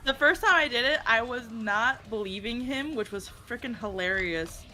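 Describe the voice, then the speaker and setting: Playful, teasing female co-streamer on a call, bright voice. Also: fairly high pitch, expressive. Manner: playful and teasing, quick talker. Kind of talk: casual livestream chat.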